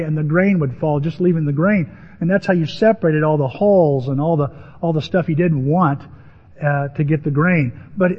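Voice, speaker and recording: Male preacher, high register, animated storyteller; muffled recording with long reverb from a church hall. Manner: animated, acts out biblical voices with rising pitch. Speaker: pastor. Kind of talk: sermon.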